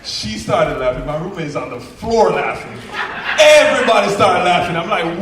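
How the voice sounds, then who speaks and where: A man's voice: sits high, normal speed, noisy background. A young man from Jamaica with a Jamaican accent, telling stand-up stories and acting out the voices. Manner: animated storytelling, acts out voices, swings loud and soft. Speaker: stand-up comedian. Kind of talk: stand-up comedy set. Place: comedy club stage. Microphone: handheld stage mic. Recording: echoey club from far off.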